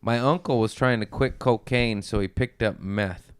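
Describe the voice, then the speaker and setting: A man's voice: medium pitch, moderate pace, clear, resonant tone, no room sound. A man, a comedian guest on a podcast, telling rambling, profane stories in casual chat.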